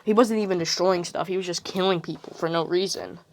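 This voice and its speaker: A woman rambles through a casual retelling of a fan what-if story, leaning on fillers and "like". Her voice sits fairly low, and a faint hiss runs underneath. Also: steady tone, a little fast.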